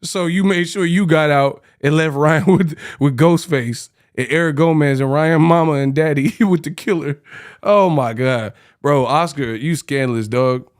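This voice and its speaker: A man's voice: on the high side, normal speed, smooth. Slangy, mocking male boxing commentator. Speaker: boxing commentary channel host. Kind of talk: reaction commentary.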